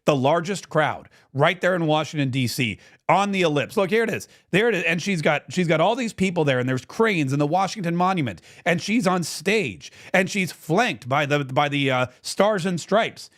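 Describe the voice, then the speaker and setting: A man with a fairly high voice hosts a political commentary show. He sounds indignant and animated and keeps circling back on his own phrases. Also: normal speed, hardly any pauses. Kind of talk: opinionated commentary.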